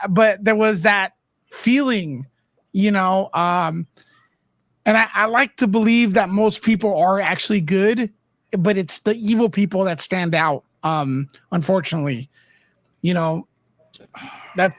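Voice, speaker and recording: A co-host in a relaxed chat, telling a story in an easygoing way. The voice sits in a middle pitch. The recording is dry and close. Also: unhurried, no room sound. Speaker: podcast co-host. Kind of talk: casual storytelling.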